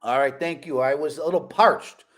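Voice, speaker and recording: Animated chatty man, high voice. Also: normal speed, slight background noise. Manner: animated, joking, repeats catchphrases. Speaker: host of a fan live stream. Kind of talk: casual live-stream chat reading viewer comments.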